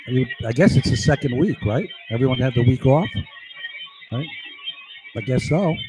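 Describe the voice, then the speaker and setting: A man's voice: mid-range voice, low-quality recording. A man talking in a rambling monologue, repeating himself and asking for agreement. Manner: repetitive, rambling, seeks agreement. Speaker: vlogger.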